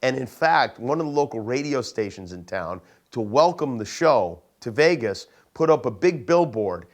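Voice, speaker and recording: A man reminiscing in a casual, animated, anecdotal way. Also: medium pitch, moderate pace. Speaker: interview guest.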